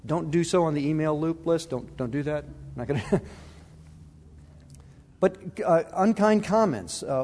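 A middle-aged pastor preaches in a lightly higher voice, his words ringing out with a long echo around the sanctuary. He keeps it earnest and conversational and often restarts his phrases. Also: expressive, unhurried, pauses often, a little mellow. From Arizona. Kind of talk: sermon.

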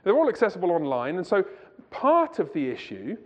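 A Christian conference speaker lectures a church audience in a large hall, his high voice swooping wildly in pitch at a fairly quick pace. He's conversational, digressing and posing rhetorical questions to the crowd, and the recording is muffled and lo-fi.

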